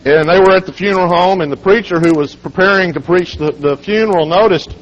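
A hoarse man with a cold, speaking as a guest at a children's home and telling humorous stories in a relaxed, folksy way. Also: high-pitched, a little fast. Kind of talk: folksy storytelling sermon. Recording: dull lo-fi recording.

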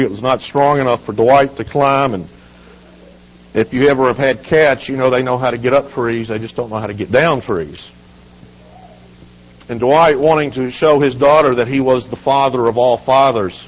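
Froggy-voiced guy with a cold, telling funny stories like a preacher, kinda muffled lo-fi recording. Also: mid-range voice. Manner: relaxed anecdotal delivery with humorous stories. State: hoarse, husky from a cold. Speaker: guest speaker at a children's home. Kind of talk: folksy storytelling sermon. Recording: dull lo-fi recording.

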